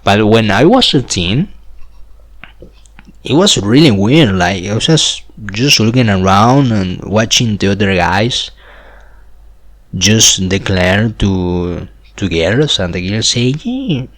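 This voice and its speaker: Rambling young man, lively pitch. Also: slow pace. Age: 20s. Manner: rambling, repeats "like", chuckles between phrases. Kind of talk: rambling monologue.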